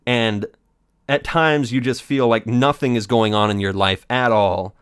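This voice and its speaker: A man's voice: medium pitch, steady tone, a little slow, fairly bright tone, clear, resonant tone, dry recording, clean studio sound. A man doing let's play commentary, rambling in a theatrical, mock-dramatic way.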